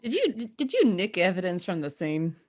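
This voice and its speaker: A woman's voice: fairly low pitch, very animated, moderate pace. A woman playing a tabletop game, making dry, wry remarks. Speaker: player. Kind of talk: casual tabletop play.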